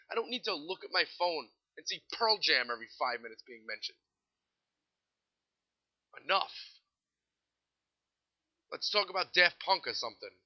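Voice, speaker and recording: On his solo podcast, a US host rants with exasperated sarcasm and plenty of cursing about a band his audience keeps bringing up. He speaks at a medium pitch, and the recording has its highs cut off.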